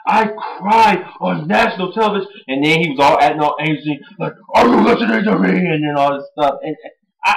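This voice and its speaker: A young man giving a rambling, excitable recap of a wrestling show, laughing and mimicking what people said. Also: on the high side. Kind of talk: casual recap monologue. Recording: echoey room.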